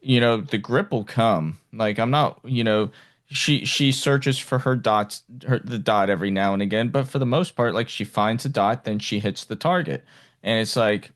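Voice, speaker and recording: Low-voiced man hosting a podcast. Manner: halting, restarts with many "like"s. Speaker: podcast host. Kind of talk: casual interview chat.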